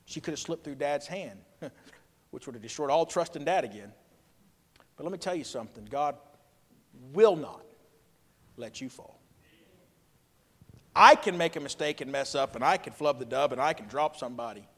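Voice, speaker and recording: A man, a pastor preaching a sermon with emphatic swings between loud and quiet. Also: a little high, lively intonation, moderate pace, long pauses. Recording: long reverb of a hall.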